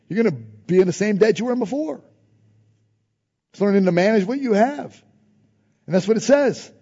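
A man preaching with a high, mellow voice, moving between emphatic repeated refrains and quiet prayerful lines. The sound rings with long reverb in a big hall and comes through dull and lo-fi. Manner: informal phrasing, dropping to soft prayerful tones. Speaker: pastor. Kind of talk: sermon.

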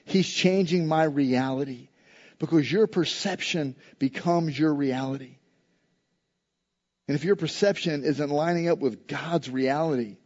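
A pastor preaching a sermon in an emphatic, repetitive cadence. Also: male voice, a little high, mellow, muffled recording.

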